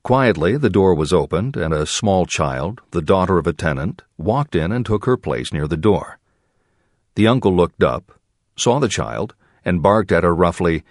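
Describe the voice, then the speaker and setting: Low, expressive male audiobook narrator. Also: normal speed, dry recording, studio quality.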